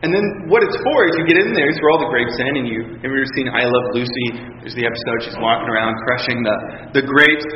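A man preaching a sermon in a relaxed, conversational storytelling way, often restarting his sentences and acting out quotes. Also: mid-range voice, quick pace, few pauses, slight background noise. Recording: echoey hall, dull sound.

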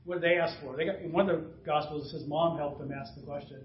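A man's voice: a little high, fairly even intonation, fast talker. A man in his fifties, a pastor preaching a conversational sermon, chuckling and acting out bits of dialogue. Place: church sanctuary. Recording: roomy, distant, dull church recording.

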